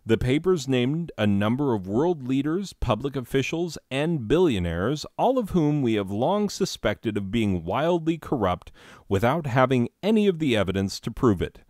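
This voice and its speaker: A man's voice: mid-range voice, sing-song, moderate pace, a little mellow, no room sound, clean studio sound. A man hosting a comedic year-in-review monologue, full of sarcastic, mock-serious asides. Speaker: host.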